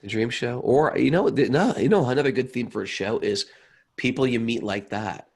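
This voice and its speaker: A man's voice: mid-range voice, normal speed, vocal fry, slightly rough. A man co-hosting a casual spiritual talk show, telling long rambling stories and often repeating himself. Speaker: podcast co-host. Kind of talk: casual chat.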